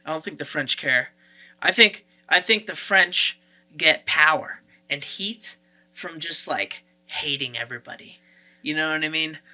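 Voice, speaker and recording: A man's voice: fairly high pitch, measured pace, sharp tone, soft background music. A man co-hosting a casual podcast, joking loosely, swearing and laughing often, with plenty of filler words. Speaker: podcast co-host.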